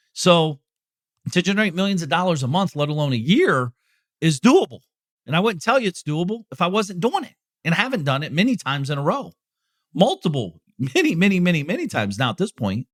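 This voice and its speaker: A man's voice: on the high side, no echo, clean studio sound. Blunt, swearing man hosting a podcast. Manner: blunt and profane, swearing freely; candid, openly emotional about personal matters. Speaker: podcast host answering listener questions. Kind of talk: casual motivational monologue.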